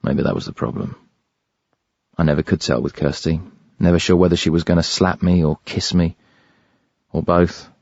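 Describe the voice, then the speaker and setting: Deep, grave male audiobook narrator. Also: fairly even intonation, moderate pace, pauses often, darkish tone, no room sound. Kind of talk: first-person audiobook narration. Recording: dry, slightly dull studio recording.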